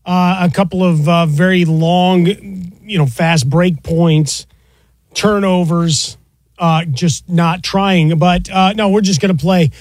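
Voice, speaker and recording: A man's voice: high voice, steady tone, takes it slowly, no room sound, studio quality. A man hosting a sports radio show, bantering and teasing his co-host in casual talk. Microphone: studio microphone.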